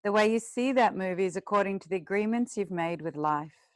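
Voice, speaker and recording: A woman yoga teacher guiding a class through breathing with slow, soothing cues and a gentle, drawn-out delivery. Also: mid-range voice, no echo. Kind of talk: guided yoga and breathing instruction.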